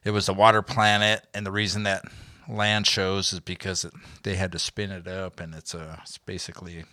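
Older man, very deep voice, joking guest. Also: little pitch movement, moderate pace, bright, forceful tone, dry recording, studio quality. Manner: self-mocking, laughs often. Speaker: podcast guest. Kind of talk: casual chat.

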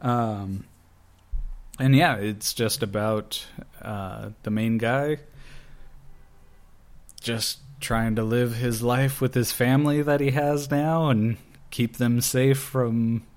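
A man in casual chat, talking slowly and rambling with lots of fillers. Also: medium pitch, fairly even intonation. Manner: slow, rambling, many fillers. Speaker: guest. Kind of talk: casual chat about comic books.

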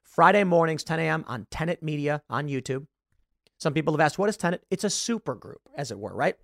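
A male host runs a political commentary monologue in an emphatic, argumentative way. His voice sits on the higher side and moves a lot in pitch. The sound is close and dry, with no room around it. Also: expressive, fairly quick, vocal fry, fairly bright tone, no room sound. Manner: emphatic, argumentative, self-correcting.

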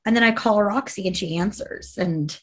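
A woman's voice: mid-range voice, moderate pace, a bit bright. A woman telling an emotional personal story in an interview, earnest and conversational, with fillers and restarts.

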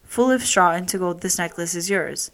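A frightened young miller's daughter from a fairy-tale storybook, pleading and worried. She speaks in a lowish, plain tone, as a woman reads her lines. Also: normal speed, fairly bright tone. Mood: anxious. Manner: pleading, anxious.

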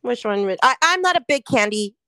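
High, bright, chatty woman. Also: fairly quick, clean tone, no room sound. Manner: animated storytelling, acts out dialogue. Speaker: podcast co-host. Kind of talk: casual chat.

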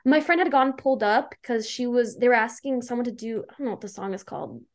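A young woman in casual chat, retelling a story with breathless enthusiasm. Her voice sits a little higher than most, and she leans on "like" and acted-out quotes. She sounds eager and chatty throughout. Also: animated, quick pace. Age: young adult. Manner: gushing, filler-heavy with "like". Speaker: fan guest.

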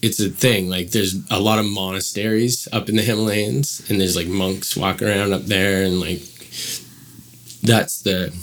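Man, fairly low voice, casual storytelling guest, rambling, filler words, acts out quotes. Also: fairly even intonation, moderate pace, a bit bright.

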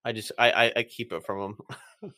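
A man's voice: fairly low pitch, level tone, normal speed, sharp tone. A young man from Vermont co-hosting a podcast, playful and laughing often in casual chat.

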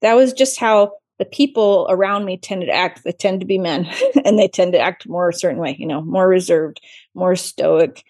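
A woman surgeon telling stories in a chatty, expressive way during an interview. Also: on the low side, normal speed, slightly rough. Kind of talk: casual interview storytelling.

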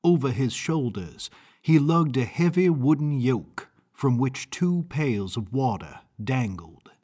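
A man reading first-person audiobook narration in a measured, deliberate way. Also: medium pitch, a little mellow, husky.

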